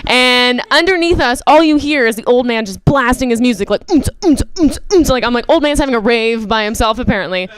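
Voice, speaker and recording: Canadian woman doing stand-up, bit high voice, loud and animated, lots of little asides. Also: a little fast, few pauses, clear, resonant tone, no echo. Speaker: stand-up comedian. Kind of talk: stand-up comedy set.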